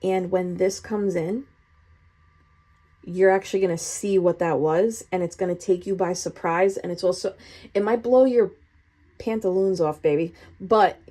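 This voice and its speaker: A woman giving a casual tarot reading, chatty and expressive, with frequent laughs and swearing. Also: lowish voice, a little slow. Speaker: tarot reader.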